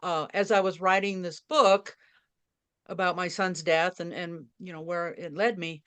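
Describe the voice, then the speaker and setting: Smooth-voiced older woman telling her story. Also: lowish voice, fairly even intonation, unhurried, a bit bright. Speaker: guest author. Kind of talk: interview.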